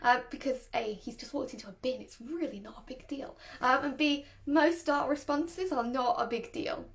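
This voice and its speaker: Woman, dog trainer, animated, chatty casual lesson, high voice. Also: moderate pace. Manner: chatty, laughs often, animated. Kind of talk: casual instructional talk.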